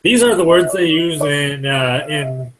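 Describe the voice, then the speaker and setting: An American man joining a casual live chat, talking in a relaxed, musing way. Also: fairly high pitch, unhurried, soft background music, poor audio. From United States.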